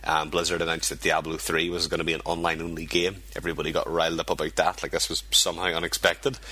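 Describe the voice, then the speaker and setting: Low, quick-talking husky man. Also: little pitch movement, pushed and bright, no room sound. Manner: fast, rambling, chatty. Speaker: podcast co-host. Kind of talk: casual chat.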